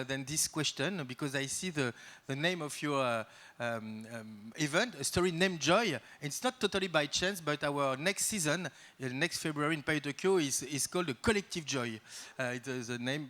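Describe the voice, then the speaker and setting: A man with a French accent opens an event as its host, speaking to a live audience in slightly high-pitched English. He is a native French speaker and improvises his welcome. His delivery is halting, full of pauses while he searches for the right English words. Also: a bit bright.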